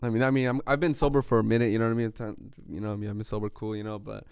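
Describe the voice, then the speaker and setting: A man's voice: on the low side, level tone, racing, darkish tone, smooth, no echo, studio quality. A young man hosting a podcast in casual chat, slangy and laid-back, constantly asking "you know what I'm saying". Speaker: podcast host.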